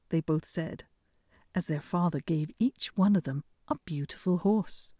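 A woman reading a fairy tale aloud in an expressive storytelling manner. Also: low-pitched, slightly rough, dry recording, clean studio sound. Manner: expressive, unhurried.

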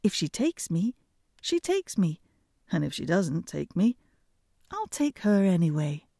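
A woman voicing a simple, cheerful peasant youth who shouts out merrily in a storybook reading. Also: on the low side, big pitch swings, unhurried, vocal fry, dry recording, studio quality, exaggerated voice. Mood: boisterous.

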